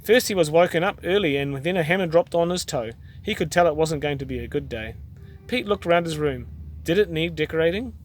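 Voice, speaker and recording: New Zealand dad, children's book reader, slightly higher voice, expressive. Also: male voice, a little fast, slight background noise. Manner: gentle, expressive reading with small restarts. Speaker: storyteller dad. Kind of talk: reading a children's picture book aloud.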